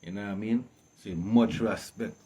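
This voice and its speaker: A man's voice: lowish voice, normal speed, dark tone. A man hosting a casual interview, laid-back and affirming the guest. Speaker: interview host.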